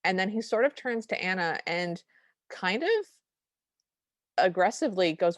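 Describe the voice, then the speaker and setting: A woman's voice: mid-range voice, normal speed, no echo. A woman co-hosting a podcast, chattily recapping a film and quoting its lines. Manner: chatty, recounting plot with quoted lines. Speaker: podcast co-host. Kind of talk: casual recap chat.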